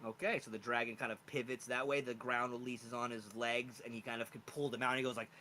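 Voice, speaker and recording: Bright-voiced man running a tabletop game. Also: medium pitch, level tone, fast talker. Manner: casual, rambling, many fillers. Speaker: game master.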